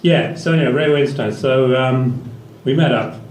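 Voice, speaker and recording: A man's voice: medium pitch, normal speed, a little mellow, slight background noise. A man performing a stand-up comedy set in a small venue, rambling in a dry tone with fillers. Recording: echoey venue, picked up from a distance, faint ambience.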